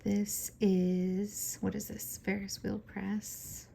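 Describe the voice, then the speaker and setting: A woman's voice: mid-range voice, level tone, takes it slowly, warm tone. Scratchy-voiced woman chatting about pens. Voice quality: scratchy, hoarse voice. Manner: chatty, enthusiastic, many fillers. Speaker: fountain pen vlogger. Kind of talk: casual show-and-tell.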